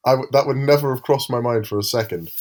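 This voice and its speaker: A man's voice: mid-range voice, fast, a little mellow. A man co-hosting a podcast in casual chat, rambling and hesitant as he describes things. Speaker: podcast co-host.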